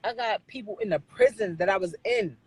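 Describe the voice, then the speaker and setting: A woman's voice: mid-range voice, brisk, breathy edge, low-quality recording. A woman on a live stream scolding her viewers in a blunt, profane rant, repeating phrases for emphasis. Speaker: livestreamer talking to viewers.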